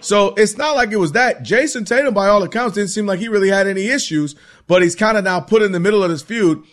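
A man talks sports with lively energy and acts out what players say when he quotes them. His voice sits high for a man. His delivery is loose and conversational. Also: fast talker. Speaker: sports talk co-host. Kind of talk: casual sports talk.

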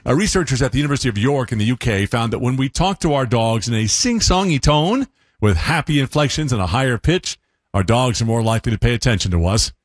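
A man hosting a scripted radio segment in a lively, playful way, his voice a little husky. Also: medium pitch, no echo, clean studio sound. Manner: lively, playful, laughs at his own imitations. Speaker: radio host.

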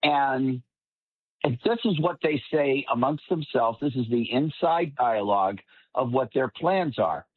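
A man's voice: mid-range voice, animated, a little slow, breathy edge, dry recording. A man appearing as a political commentator guest, talking at length in an emphatic, long-winded way. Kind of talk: panel commentary. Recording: tinny phone-like line, dry.

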